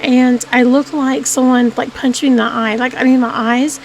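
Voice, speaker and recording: A woman's voice: sits high, steady tone, moderate pace, slight background noise, rough recording. A woman telling a personal story to her viewers in a casual vlog, rambling and restarting her sentences often. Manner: rambling, with frequent restarts and "I mean" fillers. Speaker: vlogger.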